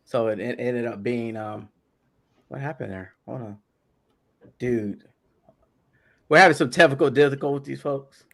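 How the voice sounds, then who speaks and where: A man hosting a casual podcast, talking hesitantly with many pauses and fillers. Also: mid-range voice, gravelly, a bit bright. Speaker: podcast host.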